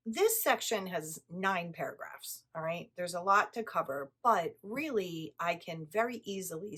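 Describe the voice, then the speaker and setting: A woman's voice: medium pitch, fairly bright tone. A middle-aged woman, a spiritual teacher, explaining a text in a blunt, casual way and laughing often.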